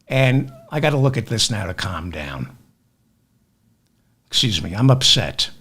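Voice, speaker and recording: Exasperated sardonic man, lively pitch. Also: a little slow, pauses often. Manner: sardonic and exasperated, rants and asides. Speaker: podcast host. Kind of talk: comic news commentary. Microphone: webcam with automatic tracking.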